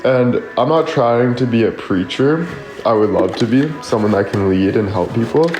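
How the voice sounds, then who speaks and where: A man's voice: mid-range voice, moderate pace. A man on a livestream, giving casual motivational talk in a rambling way, full of "like" and "you know". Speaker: social media creator on a livestream. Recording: echoey room with faint music behind.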